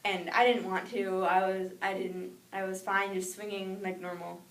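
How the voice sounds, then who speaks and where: A young woman telling a personal childhood story in a lively way, acting out the voices she quotes. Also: medium pitch, moderate pace. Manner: animated, acts out quoted voices. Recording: echoey room with noise, mic at a distance.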